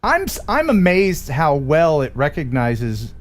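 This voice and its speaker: A man's voice: on the high side, huge pitch swings, measured pace, slight background noise. A man hosting a livestream, bantering and joking with his guests. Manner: jokey, playful banter. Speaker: livestream host. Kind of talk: casual chat.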